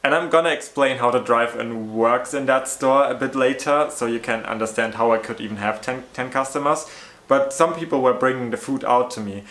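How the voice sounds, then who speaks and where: Brief: man, mid-pitched, exasperated casual storyteller, echoey room. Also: brisk, fairly bright tone. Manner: chatty, many "like" fillers, exasperated retelling. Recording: roomy echo.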